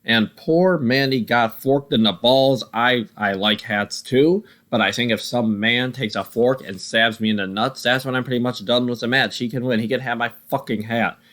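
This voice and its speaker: A man recapping old wrestling matches in casual, profane commentary, his voice still a little hoarse and strained, with wry jokes. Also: mid-range voice, moderate pace, few pauses, fairly bright tone. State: voice still recovering, slightly hoarse. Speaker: wrestling reviewer.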